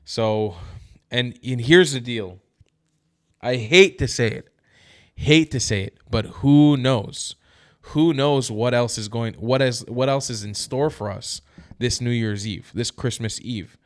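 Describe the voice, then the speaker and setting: A man's voice: mid-range voice, unhurried. A man giving heated, emphatic news commentary straight to his viewers, tired and yawning. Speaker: commentary vlogger.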